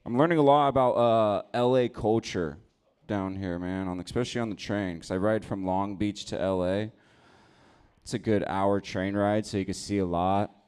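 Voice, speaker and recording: A young man doing a stand-up set at a comedy club on a handheld mic, telling his stories in a laid-back deadpan way. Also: on the low side, clean tone.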